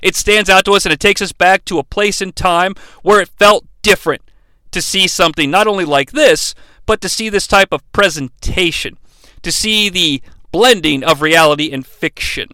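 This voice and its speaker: A man's voice: high-pitched, normal speed, sharp tone, no room sound. A man hosting a podcast, recapping a wrestling match in a chatty, profane, enthusiastic way. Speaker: podcast host.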